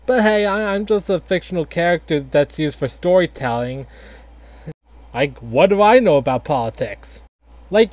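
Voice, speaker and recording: Man doing a rambling, high-voiced grandpa fox. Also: a little mellow, no room sound. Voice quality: halting, filler-heavy, lots of likes and restarts. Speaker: storyteller grandfather. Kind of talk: casual satirical storytelling.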